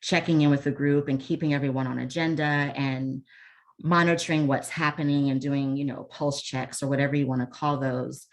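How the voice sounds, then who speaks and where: A woman with a strikingly low voice presents a leadership webinar over a video call. Her delivery is casual and chatty, full of ums and restarts, with self-deprecating asides. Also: fairly even intonation, moderate pace. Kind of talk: casual online workshop talk.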